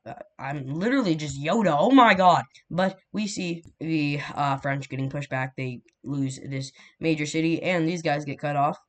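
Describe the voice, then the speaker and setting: A man's voice: fairly high pitch, moderate pace, few pauses. A man giving casual commentary over a war map animation, rambling and correcting himself with jokey asides. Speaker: map video narrator.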